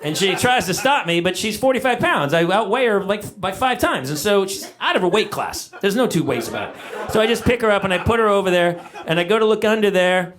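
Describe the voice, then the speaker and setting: Exasperated middle-aged comedian, very lively pitch. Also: male voice, fairly quick. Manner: exasperated, animated storytelling. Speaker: stand-up comedian. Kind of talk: stand-up storytelling. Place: comedy stage. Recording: live audience laughter.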